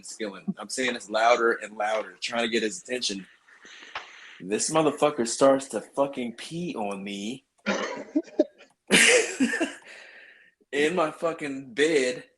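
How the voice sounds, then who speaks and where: A man casually telling a crude army story on a podcast, swearing constantly and animated. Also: mid-range voice. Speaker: podcast host.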